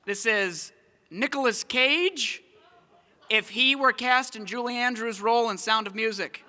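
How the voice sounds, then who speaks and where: Young man doing animated stand-up. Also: extremely high pitch, measured pace, a little hiss or hum. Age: young adult. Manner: animated, self-mocking. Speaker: stand-up comedian. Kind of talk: stand-up comedy set.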